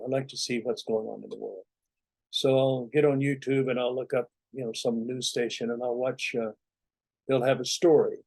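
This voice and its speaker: A man giving a relaxed, rambling spiritual talk to his students as a meditation teacher, speaking conversationally with many asides. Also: medium pitch, no room sound.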